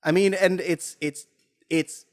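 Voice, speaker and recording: An American man co-hosts a laid-back podcast conversation, rambling, joking and frequently switching into goofy put-on voices. His voice is high with fairly even intonation, and he speaks slowly.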